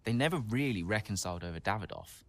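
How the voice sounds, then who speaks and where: An actor playing a young, gossipy male race driver who passes on rumours in a low-key, confiding way, in a game cutscene. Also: lively intonation, quick pace, no room sound, natural voice.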